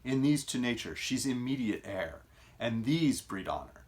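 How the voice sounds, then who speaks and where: A man's voice: mid-range voice, big pitch swings, normal speed, a little mellow, close to an everyday voice. A man reading a stern king in verse. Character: stern older male king lecturing on virtue. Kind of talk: dramatic reading of a play.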